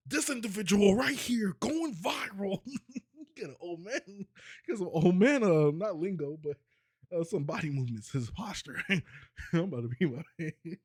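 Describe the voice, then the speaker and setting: A man's voice: fairly high pitch, expressive, normal speed, darkish tone, dry recording, studio quality. A man streaming from home, reacting to videos in casual chat and laughing constantly through his loose, slangy banter.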